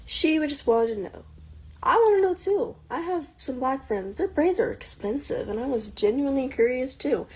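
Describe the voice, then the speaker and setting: A woman's voice: high voice, normal speed, few pauses, a little mellow, slightly rough. A woman in a casual video rant, indignant and defensive. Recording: dull lo-fi audio.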